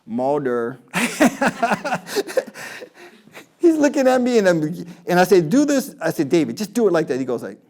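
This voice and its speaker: A man gives a motivational talk, spinning chatty, jokey stories. His voice sits a little high, and he often stops and restarts his sentences. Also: huge pitch swings, brisk, few pauses, darkish tone. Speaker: motivational speaker. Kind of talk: storytelling talk to an audience.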